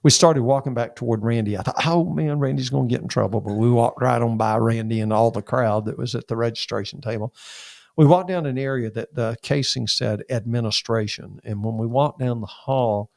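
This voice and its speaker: A man, a pastor telling a personal story in an interview, animated and acting out the dialogue. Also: medium pitch, moderate pace, vocal fry, dry recording, clean studio sound. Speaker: pastor and podcast guest.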